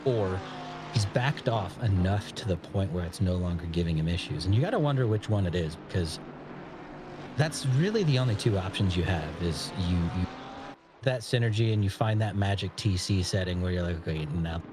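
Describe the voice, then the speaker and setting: A man's voice: sits low, animated, moderate pace, background noise. An American man co-commentating on a live sim racing stream, laid-back and analytical, laughing often. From United States.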